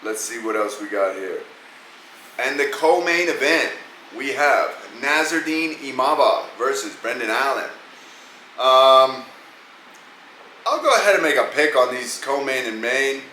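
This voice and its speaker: A man's voice: mid-range voice, lively intonation, measured pace, sharp tone, a little hiss or hum. A man hosting a podcast, giving casual, profane, rambling picks on upcoming fights. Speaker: podcast host. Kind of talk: casual fight-pick commentary. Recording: echoey room with faint ambience.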